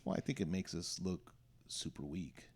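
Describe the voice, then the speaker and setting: A man hosting a casual podcast chat, joking, blunt and quick to laugh. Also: sits low, steady tone, a little mellow, a little hiss or hum.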